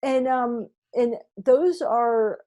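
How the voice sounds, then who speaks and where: A woman's voice: fairly high pitch, drawn-out words, dark tone, muffled recording. A woman career coach talking as a guest, earnest and encouraging. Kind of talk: interview conversation.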